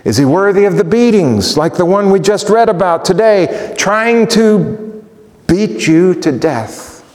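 A man preaching in a church sanctuary, his voice pitched a little high and trailing into a long hall reverb. He presses one rhetorical question after another. His delivery climbs to ringing emphasis, then sinks to near-hushed softness. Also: animated, unhurried. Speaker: pastor. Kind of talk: sermon.

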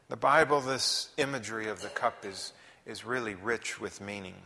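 A man delivers a sermon with a gravelly, fry-edged voice, swinging between hushed whispers and forceful emphasis. The sound carries the long reverb of a large church hall. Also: lowish voice, normal speed. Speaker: preacher. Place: church sanctuary.

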